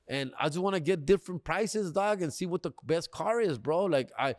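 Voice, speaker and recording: A man's voice: a little high, lively intonation, no room sound, studio quality. A man, a comedian telling a rambling story on his podcast, dropping Spanish slang and acting out the salesmen. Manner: mixes Spanish slang into English, acts out the salesmen in quick voices.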